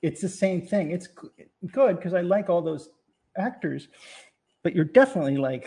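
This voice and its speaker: A man in a casual film discussion, speaking haltingly and often trailing off mid-thought. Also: high voice, lively intonation, warm tone, husky.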